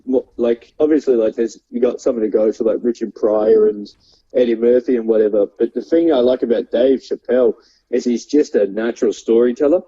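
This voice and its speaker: Young Australian male comedian, rambling storyteller who laughs a lot; mellow, husky voice, dull recording. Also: medium pitch, brisk. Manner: laughing often, rambling with many fillers. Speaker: stand-up comedian guest. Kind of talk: casual storytelling chat. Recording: dull lo-fi sound.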